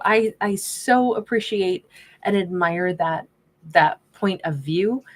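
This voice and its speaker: A woman's voice: mid-range voice, slow pace. A woman giving a casual tarot reading at home, chatty and rambling, with asides. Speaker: tarot reader. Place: home office at her desk.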